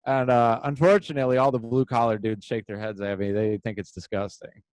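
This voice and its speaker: A man's voice: medium pitch, fairly quick, no room sound, low-quality recording. A man co-hosting a casual podcast chat, telling stories with lots of swearing and acted-out voices. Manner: animated storyteller, swears a lot, acts out voices. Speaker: podcast co-host.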